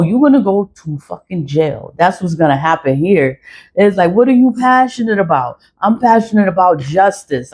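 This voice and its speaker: A woman's voice: on the low side, a little mellow. A woman ranting to camera in a casual vlog, blunt and frustrated, swearing often and repeating phrases for emphasis. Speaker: vlogger.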